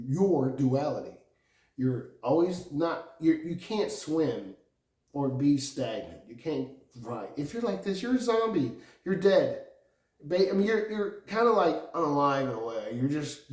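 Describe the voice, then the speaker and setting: A man rambling through a profane personal monologue, meandering and laughing often, with sudden loud outbursts. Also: medium pitch. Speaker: vlogger. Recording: echoey room, distant from mic.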